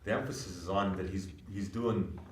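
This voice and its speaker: A man's voice: low voice, moderate pace. A man teaching a language class, explaining words step by step and checking that his students follow. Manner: explanatory, repeats checks like "you know what I mean?". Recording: echoey classroom from far off.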